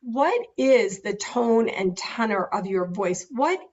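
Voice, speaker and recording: A middle-aged woman coach talks at an unhurried pace in a casual, heartfelt advice style. She sounds enthusiastic and laughs easily. The recording is slightly dull and lo-fi. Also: fairly high pitch, expressive. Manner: warm, earnest and enthusiastic, laughs often. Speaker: confidence speaking coach.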